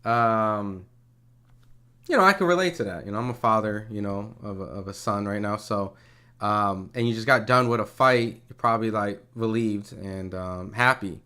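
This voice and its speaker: A man's voice: on the low side, moderate pace, sharp tone, clean tone. Casual man hosting live watch-party commentary; loose, conversational. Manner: loose, casual, swears freely.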